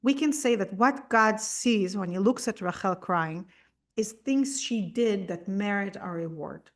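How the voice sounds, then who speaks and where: A woman's voice: medium pitch, unhurried. Woman teaching a text-study lesson. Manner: explains patiently, often checking in with "right?"; mixes Hebrew terms into her speech. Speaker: Torah teacher.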